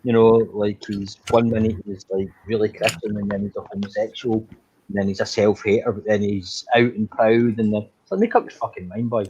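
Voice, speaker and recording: A man's voice: fairly low pitch, level tone, fairly quick, darkish tone, dull audio, a little hiss or hum. A man chatting casually on a stream, dry and mocking, with some swearing. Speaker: panelist on a chat stream. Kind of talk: casual chat.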